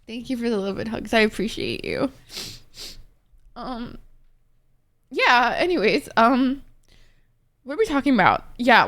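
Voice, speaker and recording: Chatty, fairly high-voiced young woman streamer. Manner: chatty and expressive, swears freely, many fillers. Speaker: Twitch streamer. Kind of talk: casual livestream chat with viewers.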